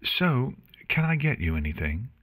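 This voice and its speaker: A man's voice: medium pitch, big pitch swings, normal speed, voice pushed up. A man voicing a polite, gracious young pony mare hosting guests in a storybook reading. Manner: polite, warm.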